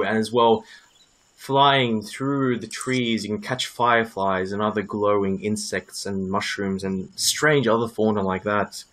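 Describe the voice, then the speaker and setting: A man acting as game master who narrates a tabletop game in a descriptive, halting way with many fillers. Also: fairly low pitch, fairly bright tone.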